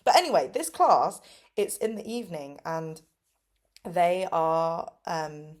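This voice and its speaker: Young English woman vlogger, twenties, slightly low voice, casual and upbeat, filler-heavy storytelling. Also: expressive, slow, a little mellow. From England. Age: 20s. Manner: upbeat, lots of fillers, acts out kids' voices with big pitch jumps. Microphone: phone camera.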